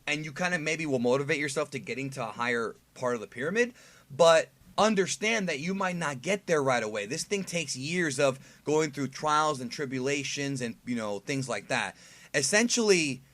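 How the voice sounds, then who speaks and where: A man's voice: fairly high pitch, lively intonation, normal speed, fairly bright tone. A man hosting his own video channel, explaining an idea in an enthusiastic, rambling way, with many fillers and restarts. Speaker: YouTube host. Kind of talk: casual explainer monologue.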